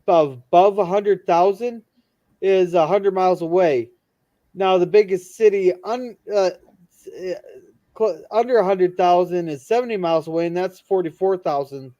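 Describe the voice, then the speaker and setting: Halting high-voiced man, muffled mic. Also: warm tone. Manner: rambling, halting, many restarts. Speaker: livestream host reading chat comments. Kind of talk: casual chat and joke telling.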